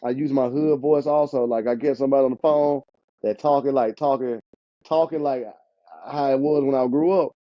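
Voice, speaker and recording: A man, an insurance agent chatting casually as a podcast guest, lively and quick to laugh. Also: medium pitch, dry recording. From Alabama, US. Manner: animated, talkative, laughs often. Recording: dull, dry lo-fi sound.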